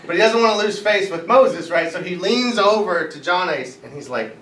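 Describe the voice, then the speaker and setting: A man preaching a sermon in a church, retelling the story in a lively way and acting out the characters' voices. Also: sits high, moderate pace. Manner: animated, acts out characters with voices, laughs at jokes. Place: church sanctuary. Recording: roomy echo, voice from a distance, faint background noise.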